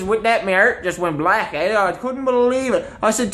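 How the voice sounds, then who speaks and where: A man's voice: sits high, moderate pace, hardly any pauses, fairly bright tone, low-quality recording. A man with a Newfoundland accent in a blunt, exasperated comic rant full of local slang. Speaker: comedy vlogger.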